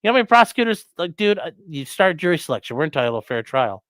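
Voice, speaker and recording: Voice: mid-range voice, very animated, racing, a bit bright, no echo, clean studio sound. A defense attorney hosting a casual livestream, reading viewer chat aloud and answering in a blunt, profane way.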